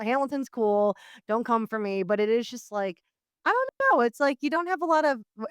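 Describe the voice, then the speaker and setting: Woman, podcast host, casual wry chat, smooth clear voice, dry close sound. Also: on the high side, no room sound. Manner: animated, wry, peppered with "like" and "you know what I mean".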